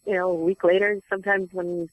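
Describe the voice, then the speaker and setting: A woman voice actress, a guest on an interview show, telling stories in a chatty, animated way and laughing easily. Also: fairly low pitch, rapid-fire, dry recording, low-quality recording. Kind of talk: casual interview storytelling.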